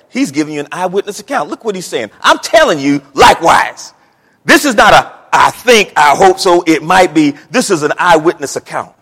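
Animated high-voiced man preaching. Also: slightly rough, in a large hall. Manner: animated preaching, Southern folksy speech, acts out quotes. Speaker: pastor. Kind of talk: sermon.

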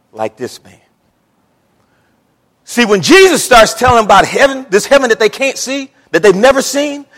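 Male preacher, high and lively voice, folksy animated sermon delivery, echoing church hall. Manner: animated preaching, Southern folksy speech, acts out quotes. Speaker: pastor.

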